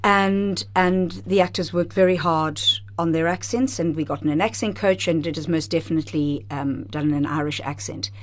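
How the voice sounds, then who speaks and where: Woman, theatre director, lower pitch, enthusiastic, expressive, studio mic. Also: moderate pace, hardly any pauses. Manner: enthusiastic, expressive, laughs often. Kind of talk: radio interview guest. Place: radio studio. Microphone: studio microphone.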